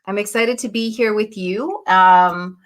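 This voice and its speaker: A woman hosting a live morning show, chatty and upbeat, greeting viewers and often asking "right?". She has a husky morning voice and keeps clearing her throat. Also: medium pitch, measured pace. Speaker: host, coach.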